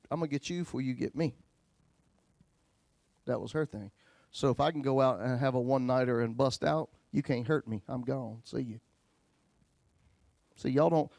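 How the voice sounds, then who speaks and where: A pastor tells a personal story in his sermon, folksy and joking, swinging between loud and hushed. His mid-range voice is gravelly, with no echo.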